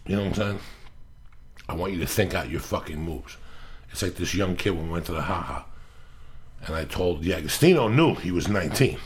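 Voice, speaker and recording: A man hosting a casual podcast, telling profane, animated stories and acting out the quotes. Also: sits low, brisk, long pauses. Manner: profane storyteller, acts out quotes. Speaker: podcast host. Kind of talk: casual chat. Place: Los Angeles area.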